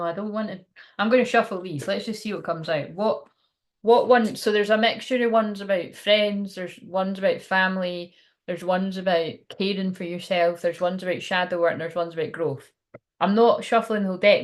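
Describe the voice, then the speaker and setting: A woman doing a live card reading for her viewers. She rambles and thinks aloud in a chatty, informal way. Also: fairly low pitch. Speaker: tarot card reader.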